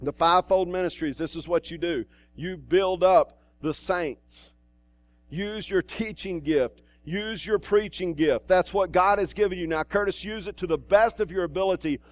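A man's voice: sits high, moderate pace, no echo. A male pastor preaching a sermon in a church, in a conversational way with asides and restarts.

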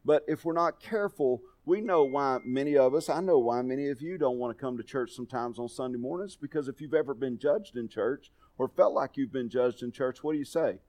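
A man's voice: medium pitch, brisk, hardly any pauses, darkish tone. A middle-aged man preaching a sermon, telling folksy personal stories in a conversational way. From Texas. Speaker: pastor.

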